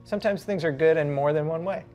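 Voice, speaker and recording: A man's voice: on the high side, a little mellow, soft background music, natural voice. A man playing a shy teenage boy adventurer who halts, stammers and laughs sheepishly. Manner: halting, sheepish, laughs often.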